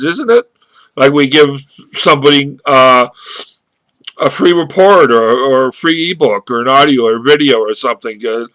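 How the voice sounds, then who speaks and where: Halting, rambling man on a webcam. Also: mid-range voice, bright, forceful tone, no room sound. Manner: rambling, halting with many restarts. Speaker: marketer. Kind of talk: casual webcam vlog. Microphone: webcam microphone.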